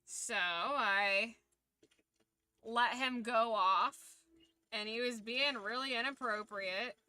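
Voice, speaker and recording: A young woman streamer tells a story in casual, profane chat, with a lively delivery. Her voice is very bright and crisp and a little high. The sound is dry and close, with no room echo. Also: slow.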